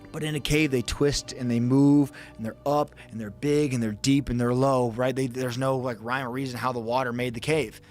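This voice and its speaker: Man telling a story, swearing freely. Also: medium pitch. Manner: vivid, acts out his own inner thoughts. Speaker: podcast guest. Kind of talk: casual storytelling.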